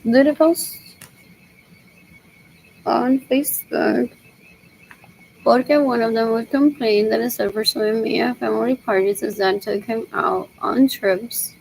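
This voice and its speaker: A woman's voice: fairly high pitch, steady tone, unhurried, gravelly, long pauses, darkish tone, a little hiss or hum, low-quality recording. A young woman rambling in a solo monologue, repeating herself and muttering as if to herself.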